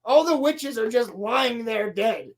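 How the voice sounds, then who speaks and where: A woman's voice: fairly high pitch, unhurried. A woman co-hosting a podcast, recapping a show in a sarcastic, profane, exasperated way and acting out the characters' lines. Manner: animated storytelling with acted-out quotes. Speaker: podcast co-host.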